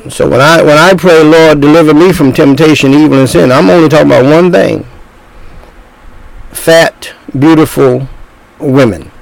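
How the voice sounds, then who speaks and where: A man's voice: fairly high pitch, fairly even intonation, normal speed, vocal fry, dry recording, poor audio. An older man in his sixties preaching a sermon as a pastor, talking in bursts with repeated words and restarts.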